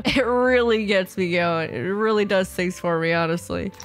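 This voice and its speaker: A young adult woman hosting a casual reaction video, animated and joking, with lots of filler words. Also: mid-range voice, moderate pace, few pauses, soft background music.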